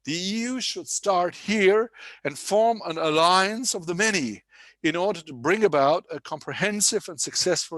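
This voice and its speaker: Male conference speaker, formal delivery with frequent self-corrections, slightly high-pitched, dry sound. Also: a bit bright, no echo. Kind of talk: prepared speech read aloud. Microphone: online conference setup.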